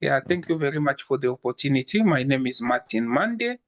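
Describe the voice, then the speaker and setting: A man's voice: medium pitch, animated, brisk. A man from the Democratic Republic of Congo, introducing himself politely with many hesitations. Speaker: participant. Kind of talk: personal introduction on a group call.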